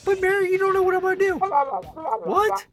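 Woman doing a vain self-absorbed gossip, very high squeaky voice, dramatic whiny phone chatter, faint music behind. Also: expressive, moderate pace. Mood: indignant. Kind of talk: one-sided comedy phone call sketch.

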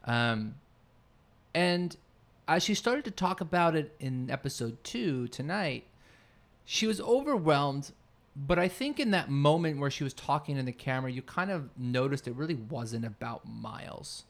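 A man's voice: on the high side, expressive, unhurried. A man co-hosting a podcast in casual chat, rambling and searching for his words mid-sentence. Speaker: podcast co-host.

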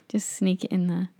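A young woman with an English accent chats away, spinning anecdotes and jumping into little voices for the people in them. Her voice sits low and gravelly, with a mellow tone, recorded dry and close. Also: no echo. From England. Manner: chatty storyteller, acts out quotes in raised voices. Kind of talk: casual chat.

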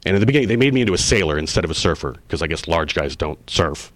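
A rapid-fire man with a fairly low voice tells stories from his acting career in a casual interview. He gets animated, acting out the dialogue he quotes with sudden jumps in pitch. The sound is dry and close. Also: no room sound. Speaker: actor guest.

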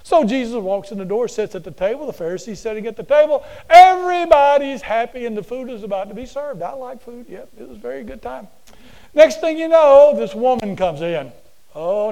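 A man preaching a sermon to a class in a folksy, animated storytelling way, often repeating himself. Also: sits high, poor audio. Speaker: preacher and teacher.

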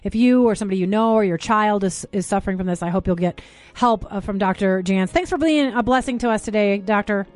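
A woman hosting a call-in radio talk show, talking quickly and eagerly and admitting she rushes her words. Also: mid-range voice, faint music behind. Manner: fast, warm-hearted, talks over herself.

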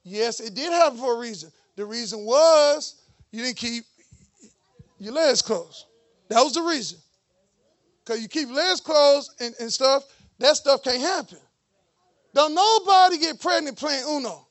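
A man preaching a lively sermon in church, with joking, mocking asides to the congregation. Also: extremely high pitch, unhurried, pauses often. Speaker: pastor.

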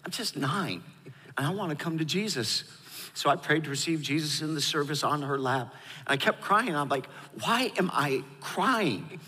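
A man's voice: fairly high pitch, animated, normal speed, pushed and bright, breathy edge, long reverb tail. A middle-aged pastor telling personal stories as an interview guest, emotional and hesitant, often restarting his sentences.

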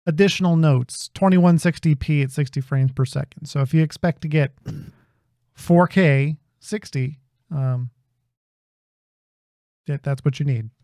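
A man's voice: a little high, measured pace, long pauses, mellow, no echo. A man co-hosting an audio podcast, reading out hardware requirements with dry, joking asides. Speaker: podcast co-host. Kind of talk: casual podcast chat.

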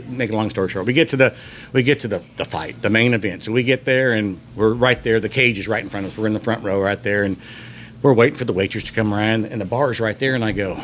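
A man from Houston telling stories as a podcast guest, animated and acting out the dialogue. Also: a little hiss or hum. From Houston, Texas. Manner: animated storyteller, acts out dialogue with rising pitch. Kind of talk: casual storytelling.

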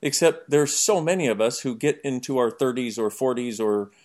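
Animated man explaining ideas as a guest. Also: medium pitch, normal speed. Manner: animated, jokey, explains with examples. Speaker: podcast guest. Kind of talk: conversational interview.

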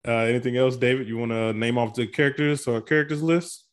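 A man's voice: medium pitch, steady tone, fast talker. A man with an Oklahoma accent hosting a podcast in casual chat, joking and explaining rules loosely with plenty of fillers. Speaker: podcast host.

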